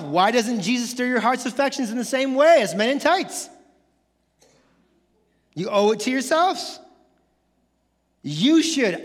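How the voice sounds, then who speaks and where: A male pastor preaching a sermon, animated, acting out casual quoted voices and building up to excited shouts. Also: sits high, big-room sound. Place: church sanctuary.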